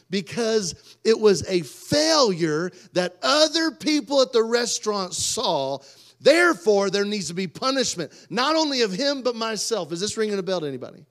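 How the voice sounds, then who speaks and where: Animated man preaching a sermon. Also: high voice, normal speed. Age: 30s. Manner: animated, swings from loud outbursts to quiet asides. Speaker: pastor.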